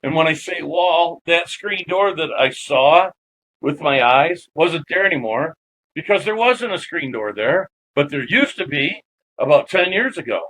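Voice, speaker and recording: Excitable man telling a wild story. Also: on the high side, unhurried, slight background noise, poor audio. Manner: animated, swears freely. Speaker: guest. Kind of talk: casual storytelling.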